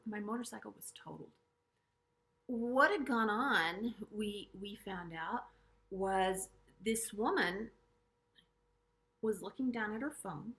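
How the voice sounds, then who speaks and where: A middle-aged woman speaking straight to camera about her own life, in a voice of ordinary middle pitch. She talks earnestly and haltingly, often stopping to restart a phrase, and lets her voice sink low and quiet at times. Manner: earnest, halting, with frequent restarts and hushed asides. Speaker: vlogger sharing a personal story. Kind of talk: personal storytelling to camera.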